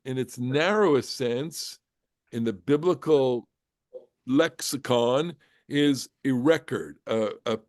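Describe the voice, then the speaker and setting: A man teaching an informal Bible class, animated and explanatory, rising into emphatic bursts. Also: mid-range voice, no echo, clean studio sound. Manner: explanatory, with many restarts and "okay?". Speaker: Torah teacher.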